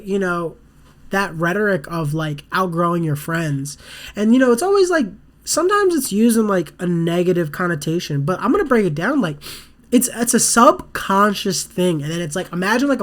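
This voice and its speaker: A podcast host talking casually in a loose monologue, full of fillers and restarts, often acting out their own thoughts as quoted asides. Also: mid-range voice. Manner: rambling, loose, full of "you know" and "like", restarts mid-sentence.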